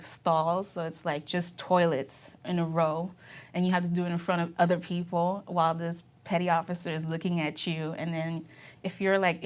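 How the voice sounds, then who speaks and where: A young adult woman and Navy veteran being interviewed, telling her memories casually and candidly, laughing often as she talks. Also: on the low side.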